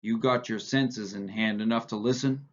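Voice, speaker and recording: A man doing a steady, firm ranch boss. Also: on the low side, moderate pace, highs cut off, natural voice. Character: calm respected male ranch leader.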